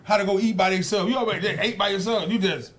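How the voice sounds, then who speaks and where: A man co-hosting a podcast, telling jokes and stories in loud, profane casual chat. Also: sits high, steady tone, fast. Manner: loud, joking, profane storytelling. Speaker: podcast co-host.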